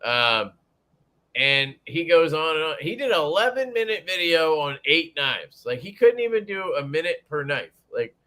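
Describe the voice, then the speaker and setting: Young adult male livestream host, bright lively delivery, swears a lot, chatty with viewers. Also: a little high, moderate pace. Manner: profane, joking, greets chat viewers. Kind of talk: casual livestream chat.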